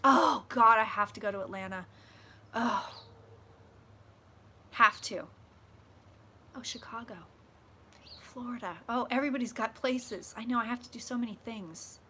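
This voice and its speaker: Bright-voiced chatty woman on a live stream. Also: a little slow, pauses often, slight background noise. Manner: chatty and swears freely, animated swings in pitch and loudness. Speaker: psychic vlogger hosting a live stream. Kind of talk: casual live-stream chat with viewers.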